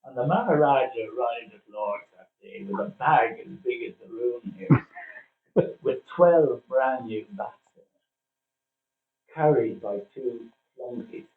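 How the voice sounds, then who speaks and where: An older man from Ireland, a former cricketer, reminiscing in a casual interview, telling his stories with plenty of "uh" pauses. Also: medium pitch. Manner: chatty storyteller with frequent "uh" pauses. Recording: distant, phone-like, roomy sound.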